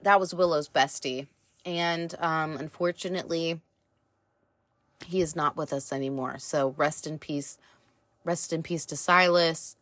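A woman's voice: deep voice, steady tone, a little slow, a bit bright, dry recording. A woman reviewing a TV show in a casual, rambling chat, full of fillers and the odd swear word.

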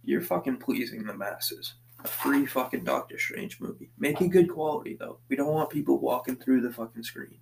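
A man from the Boston area talking to himself on a laid-back solo podcast, recorded while he paces around a basement. He wanders from one thought to the next, swears in almost every sentence, and speaks at an ordinary, mid-range pitch. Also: moderate pace, gravelly, slight background noise, low-quality recording. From Boston area, USA. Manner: profane, meandering, swears constantly. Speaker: podcast host. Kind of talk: casual solo podcast rambling. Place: basement, pacing back and forth.

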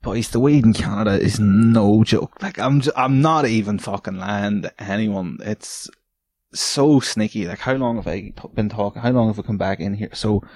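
A young man rambles through a solo podcast, stoned and swearing freely. His voice sits low and is recorded close and dry, with no room around it. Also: moderate pace, darkish tone, no room sound. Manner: rambling, profane, laughing often. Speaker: podcast host. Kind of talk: casual solo podcast chat.

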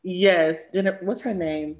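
A woman co-hosting a casual talk show, telling stories in an animated, digressive way. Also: fairly low pitch, normal speed, dull audio. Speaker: podcast co-host. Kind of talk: casual chat.

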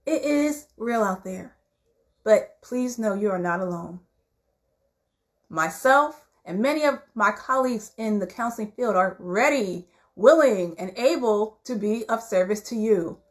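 A woman who hosts a podcast and works as a therapist, giving casual, folksy motivational talk and dropping to a soft near-whisper when she reassures. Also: medium pitch, lively intonation, unhurried.

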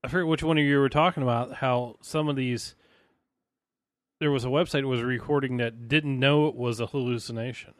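A man's voice: mid-range voice, steady tone, brisk, no room sound, studio quality. A man co-hosting a podcast, chatting casually about a TV episode in a laid-back way and laughing easily. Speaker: podcast co-host. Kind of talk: casual chat reviewing a TV episode.

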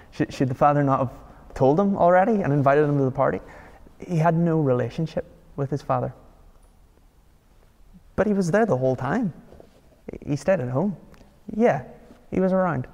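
A man's voice: medium pitch, gravelly, a little mellow, long reverb tail. A man preaching a sermon in a conversational, emphatic way, asking his listeners rhetorical questions. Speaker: pastor.

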